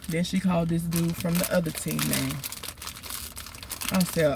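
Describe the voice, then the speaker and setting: A woman's voice: fairly low pitch, fairly even intonation, moderate pace, vocal fry, pauses often, a little mellow. Chatty woman vlogging from a noisy car. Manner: chatty, emphatic, Southern US slang. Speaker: food vlogger. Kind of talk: casual eating vlog storytelling.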